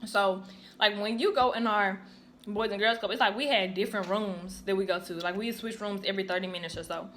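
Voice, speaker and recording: Young woman yapping thru a story time, animated, little hiss in the background. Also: medium pitch, brisk. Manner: chatty, animated, acts out quoted voices. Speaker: YouTuber. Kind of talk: casual storytelling while eating.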